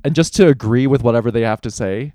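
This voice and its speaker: A man's voice: medium pitch, fast talker, warm tone, no room sound, studio quality. A young man co-hosting a casual podcast, telling a candid story with frequent swearing. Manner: candid, profane storytelling, voices for quoted people. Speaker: podcast co-host.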